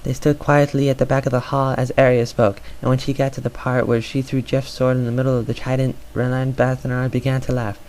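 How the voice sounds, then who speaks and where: A man's voice: mid-range voice, little pitch movement, a little fast, few pauses, a little mellow, low-quality recording. A man doing an amateur audiobook reading, stumbling over words and filling gaps with "uh". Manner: stumbling, filler-heavy reading. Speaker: reader.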